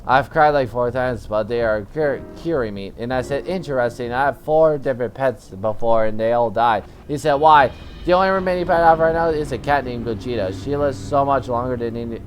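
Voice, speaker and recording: A man's voice: mid-range voice, brisk, soft background music. A teenage boy who tells a story casually and reads chat messages aloud. He rambles, often stumbles and restarts, and says "you know what" in place of swear words. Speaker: channel host.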